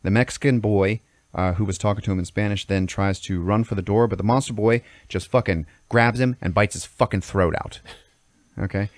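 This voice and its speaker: A man with a very low voice tells a story on a podcast in a casual, profane way. He keeps stopping to check in with "okay?" and "all right?". The sound is dry and close. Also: steady tone, a little fast, no echo. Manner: swears constantly, checks in with "okay?". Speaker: podcast host telling a story. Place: podcast studio.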